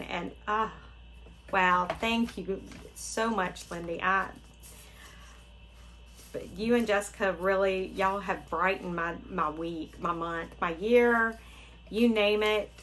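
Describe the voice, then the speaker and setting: On a rough recording, a craft channel host from Florida speaks slowly in a steady, medium-pitched, fairly bright voice. The middle-aged woman unboxes items for her viewers in a casual vlog, gushing and exclaiming often.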